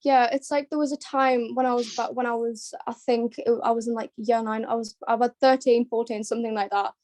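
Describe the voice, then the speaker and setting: A woman's voice: a little high, flat delivery, fairly quick, a little mellow, no room sound. A young British woman chatting casually, with lots of filler "likes". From United Kingdom. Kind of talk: casual group chat.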